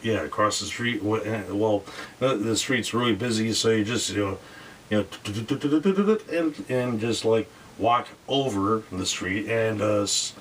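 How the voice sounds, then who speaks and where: A man's voice: lowish voice, a little slow, fairly bright tone, recorded from a distance, slight background noise. A man telling a rambling dream story casually, with lots of fillers and voices acted out.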